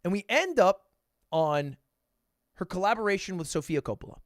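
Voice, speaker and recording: A man's voice: high voice, big pitch swings, normal speed, no room sound, clean studio sound. A male streamer telling a story in a casual, self-deprecating way, swearing freely.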